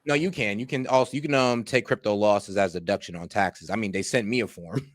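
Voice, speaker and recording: A man's voice: fairly low pitch, brisk, no echo, studio quality. A man co-hosting a reaction show, talking in casual, slangy, emphatic chat. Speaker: co-host reacting to a video.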